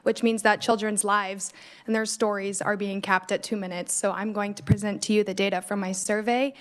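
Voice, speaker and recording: A woman giving testimony to lawmakers at a mid pitch. Her delivery is very flat and even as she presents her findings. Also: normal speed. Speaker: witness presenting survey data. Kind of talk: public testimony.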